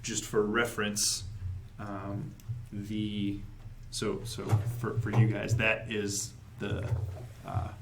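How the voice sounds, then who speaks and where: Lowish-voiced man running a tabletop game. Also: completely flat delivery, gravelly, soft background music. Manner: halting, many fillers and restarts. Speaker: dungeon master.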